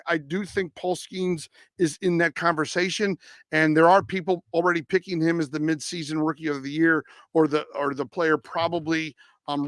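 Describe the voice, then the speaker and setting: A man with a somewhat high voice chats casually through a sports live stream, answering viewers and tripping over player names. The sound is dry and close, with no room around it. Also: fairly bright tone, dry recording. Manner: rambling, self-correcting, stumbles over player names. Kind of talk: casual live-stream chat reading comments.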